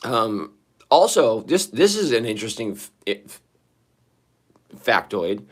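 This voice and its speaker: Hoarse, shaky-voiced man rambling to chat. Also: lowish voice, sing-song, unhurried. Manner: rambling, profane, talking to chat. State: hoarse, shaky voice after singing. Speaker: livestreamer. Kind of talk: casual live-stream chat. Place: sitting in a bathroom.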